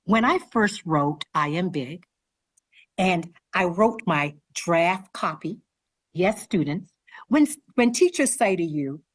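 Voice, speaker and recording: A woman author telling a story to students, speaking to them directly as an animated storyteller. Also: on the low side, takes it slowly, no room sound, studio quality. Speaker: children's author visiting schools.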